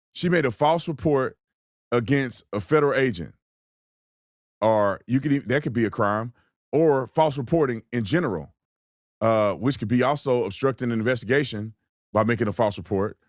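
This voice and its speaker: A man's voice: medium pitch, no echo. Male host, blunt colloquial commentary, dry close-miked sound. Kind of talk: political commentary with ad read.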